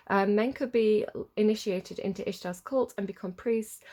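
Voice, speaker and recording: A woman's voice: mid-range voice, creaky, darkish tone. A woman giving a rambling, chatty tarot reading straight to camera, swearing freely as she goes. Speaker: tarot reader. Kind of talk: casual tarot reading monologue.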